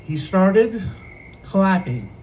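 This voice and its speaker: A man who works as a student affairs advisor, telling a personal story on a podcast in an animated way and laughing often. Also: high-pitched, very slow, slight background noise, poor audio.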